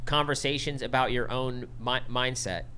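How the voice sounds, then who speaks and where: A male podcast guest speaks at an ordinary pitch in an earnest, thoughtful way, restarting phrases as he works out his point. A faint hiss sits under the voice. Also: steady tone, moderate pace, sharp tone. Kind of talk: casual chat.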